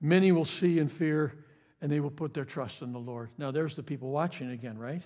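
Impassioned high-voiced male pastor. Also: fairly quick, darkish tone. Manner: impassioned, repeats words, stammers on restarts. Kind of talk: sermon.

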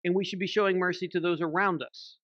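A church elder with a high, steady voice preaches a sermon quickly and conversationally, often asking the congregation "right?" to check in. His tone is a bit bright, and the recording is dry with the highs cut off.

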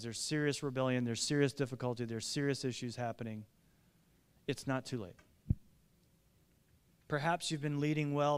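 A man's voice: medium pitch, smooth. Midwestern male pastor, confessional storyteller, resonant tone, church reverb. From American Midwest. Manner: earnest, confessional, animated storytelling. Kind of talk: sermon.

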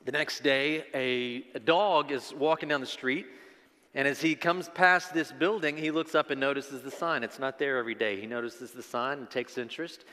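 Bright-voiced pastor in a reverberant hall. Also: male voice, medium pitch, steady tone, normal speed. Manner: folksy, self-deprecating storytelling with restarts. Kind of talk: sermon with a joke story.

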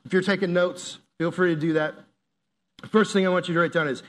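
A man's voice: high voice, brisk. A man preaching a casual, jokey sermon, telling stories and laughing as he talks. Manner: animated, jokey storytelling with laughs. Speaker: youth pastor.

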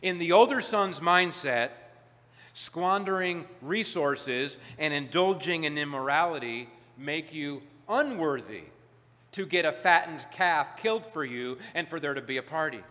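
A man preaches with a fairly high, bright, forceful voice. He presses his points with emphasis, swelling loud and then sinking soft. His words ring out in a hall with a long reverb. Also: lively intonation, a little slow. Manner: emphatic, building to loud peaks then dropping low. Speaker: pastor. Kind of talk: sermon.

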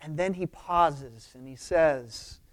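Casual preacher giving a sermon, unhurried, keeps tossing in "right?", leans hard on key words. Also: medium pitch. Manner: informal, often checks in with "right?". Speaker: pastor. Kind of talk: conversational sermon.

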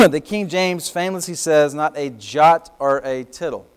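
A man preaching a sermon as pastor, explaining scripture emphatically with swings between loud and soft. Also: a little high, a little slow, smooth.

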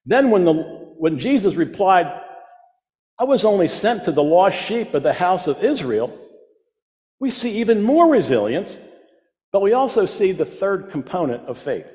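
A man's voice: high voice, sing-song, moderate pace, a little mellow. A man preaching a sermon, emphatic, repeating his key phrases for weight. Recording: long reverb of a large hall.

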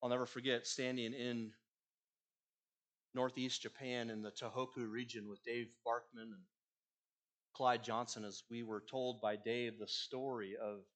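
A male pastor preaching a sermon, earnest, swinging between loud emphasis and quiet, hushed endings. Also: mid-range voice.

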